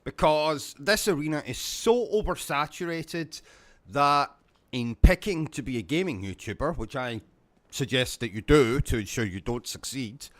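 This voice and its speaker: A man's voice: mid-range voice, expressive, a little slow. Sarcastic rambling British man. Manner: sarcastic, rambling, mock-serious. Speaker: gaming YouTuber host. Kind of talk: comedic livestream monologue.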